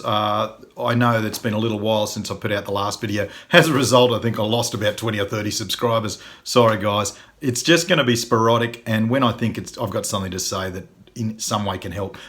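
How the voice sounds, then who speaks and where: A man's voice: fairly low pitch, fairly even intonation, fairly quick, hardly any pauses, fairly bright tone. A middle-aged man, giving folksy, earnest advice in a casual video monologue, with frequent ums and uhs.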